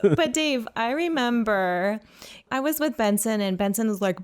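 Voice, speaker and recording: A woman's voice: a little high, animated, unhurried, clean tone. Chatty, giggly woman host. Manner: chatty, giggly, prompting questions. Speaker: podcast host. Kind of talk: casual chat.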